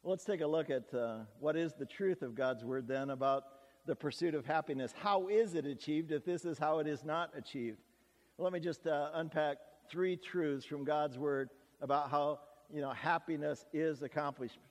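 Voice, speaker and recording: A man with a somewhat high voice preaches a sermon. He is earnest and measured, pausing often as he reads scripture and explains it. His voice carries a long reverb, as if in a large hall. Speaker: pastor.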